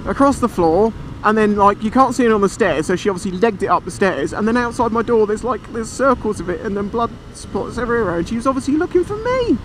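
Riding his motorbike outdoors, a British man with a fairly high voice spins a casual story at a quick pace with few pauses. The motorcycle vlogger rambles, swears freely, and stays animated as faint traffic and engine sounds hum underneath.

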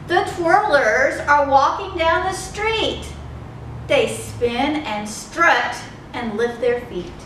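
A woman leading a children's storytime, reading aloud in a slow, sing-song, expressive way. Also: high voice, slight background noise. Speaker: children's librarian. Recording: echoey room, mic far off.

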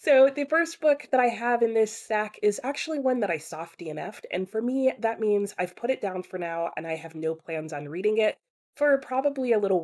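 A woman's voice: medium pitch, darkish tone. A woman in casual chat to camera, reviewing books she has read in a frank, chatty way with frequent laughs. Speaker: book reviewer.

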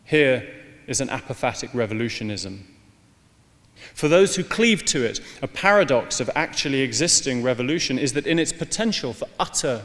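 A man reading from his book to an audience in a measured, deliberate way. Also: medium pitch, fairly bright tone. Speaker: author giving a talk. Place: large hall with long reverb. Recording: live talk in a reverberant hall.

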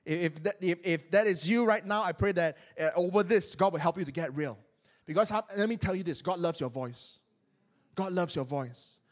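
A man with a Malaysian accent preaching a sermon as a pastor, animated and repeating words as he goes. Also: high voice, moderate pace. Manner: animated, repeats words, acts out mock prayers in put-on voices. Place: church stage, live-streamed.

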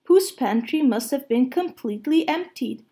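A woman reading a children's picture book aloud, gentle and expressive. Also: high-pitched, moderate pace. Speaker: storyteller.

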